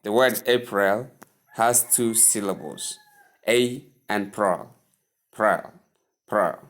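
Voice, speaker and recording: A man teaching English pronunciation, speaking deliberately and repeating each word several times for the listener to practice. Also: on the low side. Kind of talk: pronunciation lesson.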